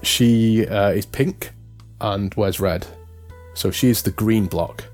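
A man's voice: on the low side, slow pace, a little mellow, faint music behind. A man co-hosting a podcast, talking in a casual, rambling way and often correcting himself. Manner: rambling, self-correcting, amused. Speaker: podcast co-host. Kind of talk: casual chat.

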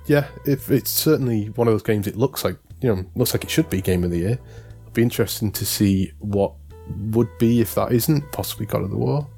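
Male podcast co-host, lowish voice, loose and rambling, faint music bed. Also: fairly quick, warm tone, slightly rough. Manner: rambling, self-correcting, amused. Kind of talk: casual chat.

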